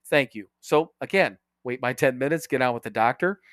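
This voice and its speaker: A man's voice: mid-range voice, a little fast, fairly bright tone, no echo, clean studio sound. A man from Indiana co-hosting a podcast, telling a story in casual chat, swearing and quoting people as he goes. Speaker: podcast co-host.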